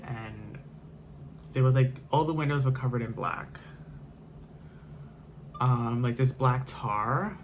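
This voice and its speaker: Male storyteller, mid-pitched, casual rambling delivery with constant fillers. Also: a little hiss or hum. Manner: rambling, heavy on fillers and restarts.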